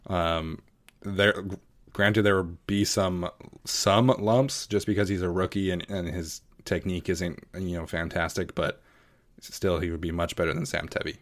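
A man with a very low voice speaks in a relaxed, measured way in a casual podcast chat. He leans on small fillers while he lines up his thoughts. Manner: measured, laid-back, many fillers. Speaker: podcast co-host.

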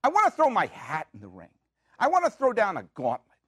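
This podcast host is a man whose voice sits high, brisk and slightly rough, recorded at studio quality in a studio without echo. His monologue is comedic and animated, full of jokes, playful ranting, and questions he asks himself.

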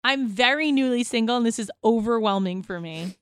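A woman in her thirties chats on a podcast in a loose, filler-heavy way, swearing freely. Her voice is smooth and clear, and it sits dry and close to the mic. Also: a little high, brisk, no echo. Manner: chatty, swears, lots of "like" fillers. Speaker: podcast co-host. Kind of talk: casual chat.

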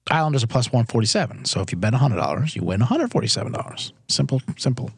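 A man's voice: mid-range voice, sing-song, fast, gravelly, slightly rough, no echo. A man hosting a sports betting podcast in a casual, jokey, rambling way, often interrupting himself. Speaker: podcast host.

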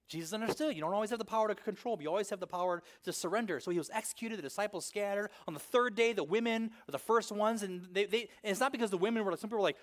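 A man preaching a sermon in a conversational way, peppering his points with "right?" and swinging between loud emphasis and hushed intensity. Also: high voice, expressive, a little fast. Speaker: pastor.

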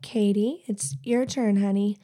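A woman's voice: mid-range voice, steady tone, a little slow, dark tone, natural voice. A woman voicing a flirty, teasing adult woman in an erotic audio story, speaking in a sultry way.

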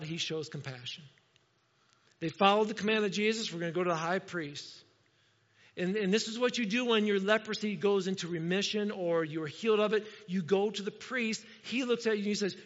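A man's voice: sits high, fairly bright tone. A man from Indiana preaching a sermon in a conversational way, often asking his listeners to respond. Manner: conversational, calls for audience responses. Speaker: pastor. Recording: dull lo-fi sound with long hall reverb.

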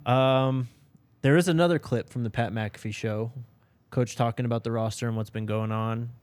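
A man co-hosting a sports podcast in casual chat, relaxed and giving quick "yep" replies. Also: mid-range voice, no echo. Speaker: podcast co-host.

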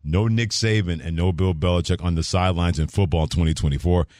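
A man hosting a sports talk radio show, chatty and quick to laugh. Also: low voice, darkish tone, no echo, clean studio sound. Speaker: radio host.

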